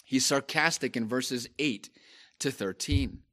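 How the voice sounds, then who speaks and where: A man preaching a sermon, slow and emphatic, repeating phrases and rising to stress key points. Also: mid-range voice, pushed and bright.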